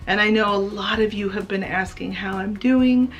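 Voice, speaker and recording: A woman talks straight to her viewers in an earnest, heartfelt way. Her voice sits at a middle pitch, and a faint bed of music plays under it. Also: fairly even intonation, normal speed, lo-fi sound. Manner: earnest, emotional, tearful at times. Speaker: craft vlogger. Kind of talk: heartfelt personal vlog talk.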